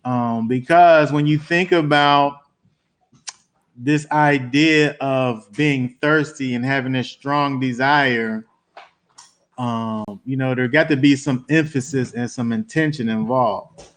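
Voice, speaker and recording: A man's voice: medium pitch, steady tone, slow, fairly bright tone. A man teaching a Bible study to a small group, talking conversationally and repeating words as he builds emphasis.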